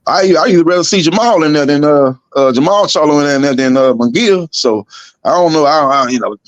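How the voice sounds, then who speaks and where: A man talking boxing in casual conversation, rattling along at a brisk clip and often repeating himself. The recording is dry and slightly muffled, as if through a modest home mic. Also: on the high side, no echo. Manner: fast, loose, repeats himself. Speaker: boxing podcast co-host. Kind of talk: casual chat.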